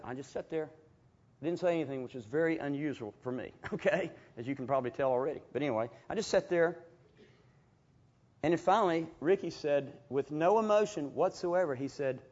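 A man preaching a sermon, telling stories in a folksy, animated way with chuckles. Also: fairly high pitch. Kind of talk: storytelling sermon. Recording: dull lo-fi recording.

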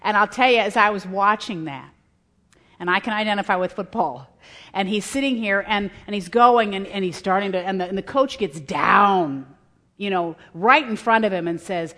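A woman's voice: mid-range voice, normal speed, a bit bright. Middle-aged woman speaker, earnest sermon storyteller, echo of a large hall. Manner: earnest storytelling, voices quotes. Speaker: women's conference speaker. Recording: long hall reverb.

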